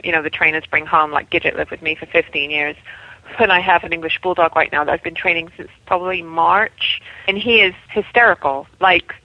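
A woman animal trainer being interviewed on the radio, chatty and quick to laugh. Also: on the low side, no room sound, highs cut off. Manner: laughs easily, chatty, trails off.

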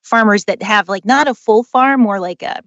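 A woman's voice: mid-range voice, moderate pace, fairly bright tone, dry recording, muffled recording. Enthusiastic chatty woman author. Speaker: author and dog trainer. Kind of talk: interview guest.

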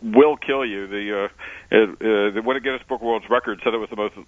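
A male explorer and author, a guest on a radio interview, telling adventure stories in a relaxed way with many "uh" fillers, heard over a phone line. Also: on the low side, fairly quick. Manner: relaxed storyteller with frequent uh fillers. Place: on location, not in studio. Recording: dry tinny phone line.

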